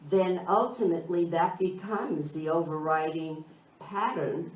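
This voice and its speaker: A woman minister giving a slow, thoughtful spiritual talk, searching for her phrasing as she goes. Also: on the low side, darkish tone. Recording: roomy sound from a distant mic.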